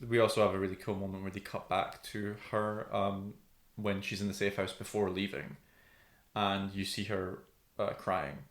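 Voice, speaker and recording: Low-voiced man musing in a roomy space. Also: steady tone, moderate pace, a bit bright. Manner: thinking aloud, lots of ums and likes. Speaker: podcast co-host. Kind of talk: casual chat about TV. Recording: roomy echo.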